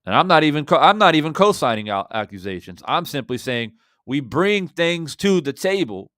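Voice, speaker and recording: Man, fan reaction commentary, impassioned and rhetorical, smooth resonant voice, dry close sound. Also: a little high, big pitch swings, moderate pace, dry recording. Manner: impassioned, rhetorical, swings between loud and quiet. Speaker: boxing channel host.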